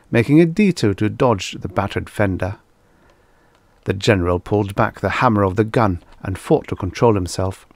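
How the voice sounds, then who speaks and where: A man reading vintage science fiction stories aloud as an audiobook narrator, in a steady, measured way. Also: on the low side, no echo.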